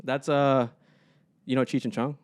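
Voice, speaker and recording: Speaking a little slowly in a level, clean tone, this young man co-hosts a podcast at a middle pitch. His casual storytelling is animated, complete with voices for the characters he describes.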